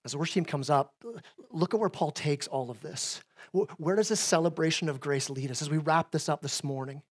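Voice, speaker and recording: High-voiced man preaching conversationally. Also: brisk, husky. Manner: conversational preaching with frequent "right?" asides; swings between loud emphatic bursts and quiet, low asides. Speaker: pastor. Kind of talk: sermon.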